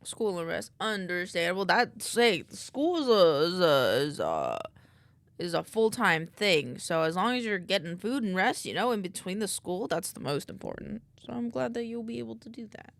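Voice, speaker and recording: A woman's voice: medium pitch, sing-song, normal speed, vocal fry, no echo. A sleepy woman streamer chatting casually, reading chat aloud and yawning while she works. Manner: rambling, reads chat aloud while working, drowsy.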